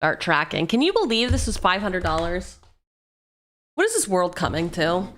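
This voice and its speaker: A woman's voice: fairly low pitch, sing-song, normal speed, a bit bright. A woman streamer chatting casually and joking as she opens card packs on a livestream. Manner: playful, jokey asides, sings snatches of song.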